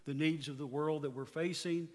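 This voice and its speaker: A pastor in his fifties preaching a sermon earnestly, his voice rising on exhortations and dropping low at the ends of phrases. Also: steady tone, normal speed, a little mellow, big-room sound. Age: 50s.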